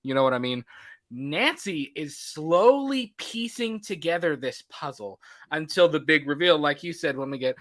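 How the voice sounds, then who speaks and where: Brief: male podcast host, fairly high and bright voice, rambling casual chat. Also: normal speed. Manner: animated, rambling with many fillers.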